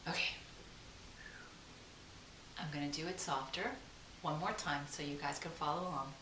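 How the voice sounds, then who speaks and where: A woman with a Long Island accent teaching a guided meditation lesson, talking with enthusiasm and slowing into drawn-out chants. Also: low-pitched, far from the mic. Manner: enthusiastic, chants slowly at times. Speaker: psychic teacher. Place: room at home. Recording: echoey room with faint hiss.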